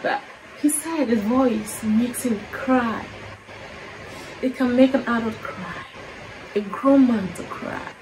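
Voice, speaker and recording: A woman earnestly reacting to a worship song on her vlog, growing fervent and then quiet and reflective. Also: a little high, slow pace, long pauses, noisy background. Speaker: music reaction vlogger. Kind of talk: emotional worship music reaction.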